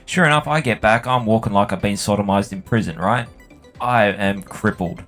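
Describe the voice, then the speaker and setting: A fairly low-voiced man tells a rambling, profane story from his working life. He rants in a loose, casual way, like a gaming video host talking while he plays. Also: moderate pace, a bit bright, soft background music. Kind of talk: rambling anecdote while playing a game.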